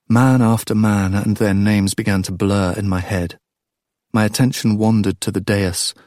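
A male audiobook narrator with a low, deep voice, reading first-person prose in a measured, quiet way. The recording is close and completely dry. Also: no echo.

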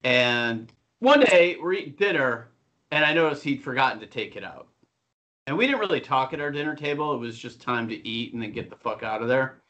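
Bright-voiced, rambling middle-aged man. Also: medium pitch, lively intonation, brisk. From Buffalo, New York. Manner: rambling, profane storyteller. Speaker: podcast co-host. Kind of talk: casual chat.

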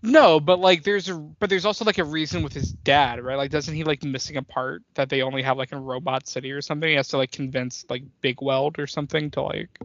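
A young man with a slightly high voice co-hosts a movie podcast in loose, animated chat. He rambles, swears freely and breaks into laughter. The sound is dry and a little muffled. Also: brisk, few pauses, no echo. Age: young adult. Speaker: podcast co-host.

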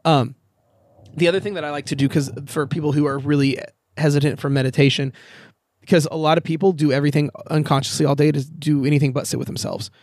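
A man chatting candidly outdoors for a podcast, a bit higher than most men and recorded close and dry. He tells his story in a loose, swearing way, slipping into the voices of the people in it. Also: steady tone, fast, a little mellow, no echo. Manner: candid, swears freely, storytelling with quoted dialogue. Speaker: podcast guest. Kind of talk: casual conversation. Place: outdoors in a backyard.

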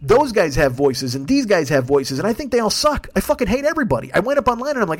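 A man's voice: high voice, expressive, rapid-fire, few pauses. A man in his fifties hosting a podcast, ranting alone with heavy swearing. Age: 50s. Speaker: podcast host. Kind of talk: solo ranting monologue.

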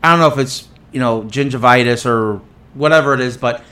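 A man's voice: fairly quick, sharp tone. A man co-hosting a podcast in casual chat, telling stories in a rambling way with lots of fillers and restarts, getting exasperated. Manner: exasperated, jumps up in pitch when worked up. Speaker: podcast co-host.

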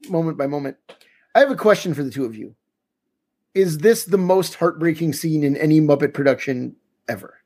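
Husky-voiced man hosting a podcast. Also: fairly high pitch, a little mellow. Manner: leads the talk and poses questions. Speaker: podcast host. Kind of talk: casual podcast chat.

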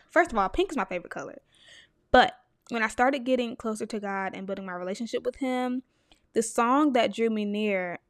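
A woman's voice: a little high, no echo, clean studio sound. A young woman hosting a podcast, sharing a personal faith story in an earnest, emotional way and speaking straight to her listeners. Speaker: podcast host.

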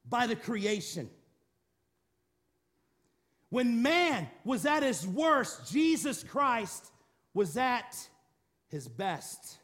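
A man with a high voice preaches a dramatic sermon. He presses hard on key phrases, then drops to a quiet, low murmur for emphasis. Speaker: pastor.

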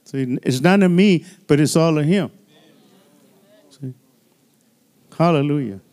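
A male pastor delivering a church sermon with a voice pitched a little high for a man. He preaches in a loose, chatty way, filling it with "you know" and "hallelujah" and often stumbling back over his words. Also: unhurried, a little mellow. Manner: repeats and restarts words often.

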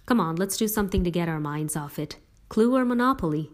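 A woman's voice: on the low side, lively intonation, fairly quick, close to an everyday voice. Woman reading an indignant, dramatic teenage sister.

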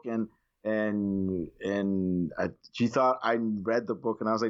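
Man, late 30s, podcast guest, low pitch, rambling, profane, muffled lo-fi sound. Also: steady tone, unhurried. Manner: rambling, swears freely, many fillers. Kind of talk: casual chat.

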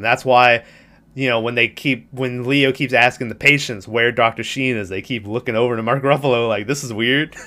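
A young man casually retelling a movie plot on a podcast, animated and swearing freely, acting out the lines. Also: medium pitch. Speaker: podcast host recapping a movie. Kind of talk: casual chat.

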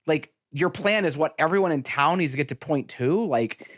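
A man's voice: on the high side, moderate pace, dry recording, studio quality. A man co-hosting a podcast, rambling in casual movie chat with lots of "like" fillers. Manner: rambling, animated, many fillers. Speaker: podcast co-host.

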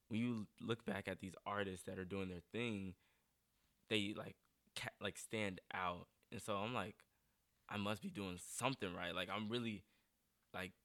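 A man's voice: fairly low pitch, sharp tone, no echo. A young adult man from North Carolina, a guest artist in a casual interview, talking earnestly and emotionally with lots of "like". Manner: earnest, emotional, heavy use of "like".

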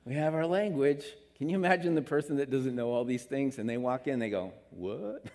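A man preaching a sermon as pastor, animated, climbing in pitch for emphasis and acting out what people say. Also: a little fast. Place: church sanctuary. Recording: long reverb of a sanctuary.

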